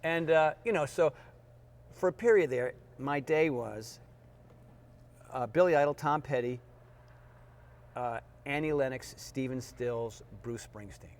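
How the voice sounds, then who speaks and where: A middle-aged man, a fitness trainer, telling lively stories in an interview and acting out the people in them. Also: medium pitch, a little slow, long pauses. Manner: animated storyteller, acts out quotes in funny voices. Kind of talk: storytelling interview. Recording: faint background noise.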